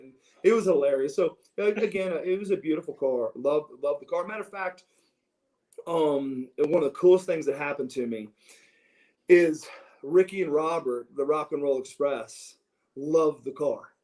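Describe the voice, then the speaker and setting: A middle-aged man telling stories from his youth in a casual interview, animated and prone to restarts as he acts out what others said. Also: fairly high pitch, moderate pace, low-quality recording. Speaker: interview guest. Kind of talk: casual storytelling.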